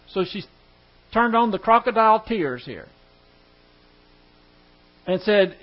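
A man's voice: high-pitched, lively intonation, slow pace, long pauses. A man teaching a Bible lesson in a chatty, joking way, reading scripture aloud and adding asides. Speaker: preacher. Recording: dull lo-fi recording with mains hum.

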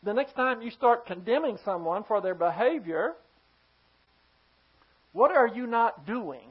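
A preacher delivers a forceful sermon and keeps turning to the congregation with pointed rhetorical questions. The voice sits at a middling pitch. The recording sounds a little dull and lo-fi. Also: lively intonation, measured pace, slightly rough. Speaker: pastor.

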